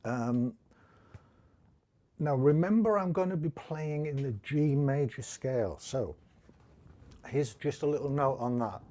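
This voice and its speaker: A man's voice: medium pitch, unhurried, long pauses, warm tone. A man with a Teesside accent from northeast England, teaching a casual live-streamed guitar lesson, chatting and thinking aloud, with a self-deprecating manner. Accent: Teesside English.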